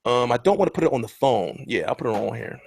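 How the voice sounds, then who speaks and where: A man's voice: mid-range voice, creaky, breathy edge, no echo. A man hosting a casual boxing livestream, rambling and joking crudely as he chats. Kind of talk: casual live-stream chat.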